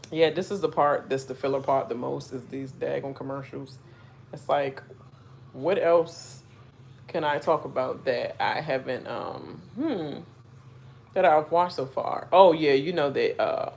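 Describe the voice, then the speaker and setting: A woman talks through a live reaction stream, rambling and full of fillers. Her voice carries a gravelly fry, and there's a faint hiss of noise under it. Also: extremely low pitch, unhurried. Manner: chatty, rambling with many fillers and asides. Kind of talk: casual live reaction chat.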